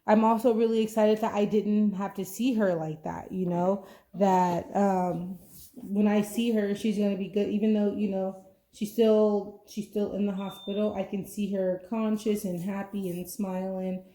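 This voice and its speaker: Young mom podcaster, warm low-key tone, rambly chatty talk with lots of "like" and "you know". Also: female voice, level tone, a little slow. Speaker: podcast host. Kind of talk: casual chat.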